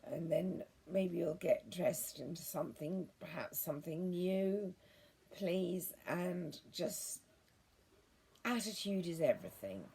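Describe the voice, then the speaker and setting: Very husky, gravelly woman vlogger. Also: fairly low pitch, animated, slow. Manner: gentle, earnest, meandering with many restarts. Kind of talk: rambling monologue to viewers.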